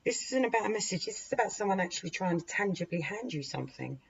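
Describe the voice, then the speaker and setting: A woman's voice: mid-range voice, lively intonation, quick pace, creaky, slightly rough. A woman giving a casual, rambling tarot reading to her viewers, chatting to the cards as she deals them. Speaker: tarot reader. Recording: dull lo-fi recording with faint hiss.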